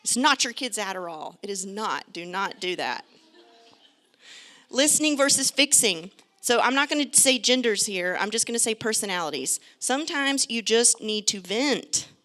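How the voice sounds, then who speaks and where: A middle-aged woman, a pediatrician, giving a lively, joking and direct talk to parents. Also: medium pitch, moderate pace, soft background music. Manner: chatty, direct, joking asides.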